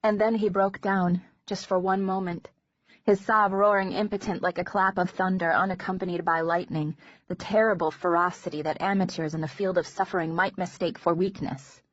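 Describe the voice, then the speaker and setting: A woman narrating an audiobook in a measured, intimate first-person reading. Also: lowish voice, steady tone, no room sound. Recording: dull lo-fi recording.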